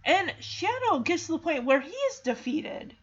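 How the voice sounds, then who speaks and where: A woman retelling a film in an emotional, halting way, full of restarts. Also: extremely high pitch, big pitch swings, highs cut off.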